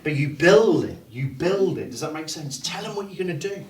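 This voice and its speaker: A male hypnotherapy trainer who talks bluntly and swears freely, then slides into slow, hypnotic suggestions for his demonstrations. He is recorded from a distance in a roomy space, with faint noise in the background. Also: a little high, animated. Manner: blunt and heavily profane.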